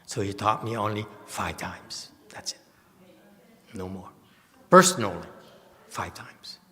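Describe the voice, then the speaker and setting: Speaking slowly at a fairly low pitch, this man sounds pushed and bright as he delivers a blunt, emphatic, self-mocking Dharma talk. He is teaching a meditation class in a temple hall, where a long reverb trails his words.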